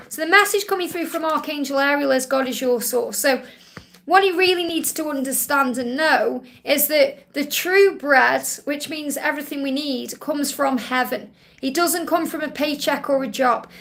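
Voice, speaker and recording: A woman from England with a Stoke-on-Trent accent and a high voice. She gives a live-streamed card reading in a soothing, reassuring way and calls her viewers honey. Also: creaky, a bit bright. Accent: Stoke-on-Trent English. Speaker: psychic reader.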